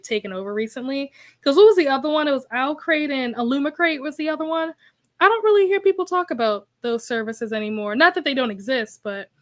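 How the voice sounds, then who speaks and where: Young woman, chatty livestream host, laughs a lot, slightly high voice. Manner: chatty, laughs often, reads viewer messages aloud. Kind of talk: casual livestream chat reading comments.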